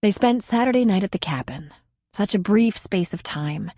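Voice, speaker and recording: A woman narrating a romance audiobook in an expressive storytelling manner. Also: mid-range voice, normal speed, slightly rough, dry recording, clean studio sound. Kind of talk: scripted narration.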